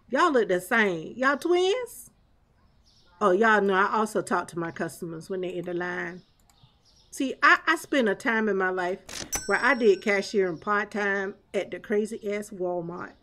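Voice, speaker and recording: A woman's voice: mid-range voice, lively intonation, unhurried, sharp tone. A woman streamer giving chatty live gameplay commentary, laughing often and talking back to chat and the game's customers.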